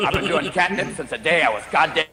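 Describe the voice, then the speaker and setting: A man's voice: on the high side, expressive, fast. A man doing a manic stand-up routine, jumping between voices. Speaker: stand-up comedian. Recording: echoey stage recording, loud crowd laughter and noise.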